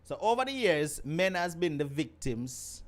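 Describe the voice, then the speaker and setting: A man's voice: fairly high pitch, big pitch swings, a little slow. A man with a Jamaican accent hosting a live call-in stream, teasing his caller and reading out viewer comments. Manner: teasing, laughs often, reads viewer comments aloud. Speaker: host of a live call-in show. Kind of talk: casual live-stream chat.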